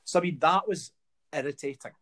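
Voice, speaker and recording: Scottish man telling animated stories. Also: on the high side, fairly quick. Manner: animated storyteller, acts out other people's voices. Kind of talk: casual chat.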